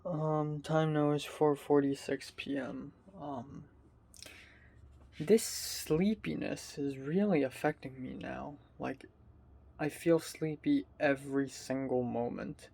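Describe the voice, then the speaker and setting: A sleepy, tired young man, a college student, rambling in a halting casual video diary with frequent fillers and swearing, filmed by himself in his bedroom. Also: on the high side, steady tone, vocal fry, darkish tone. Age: young adult. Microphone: self-filmed camera.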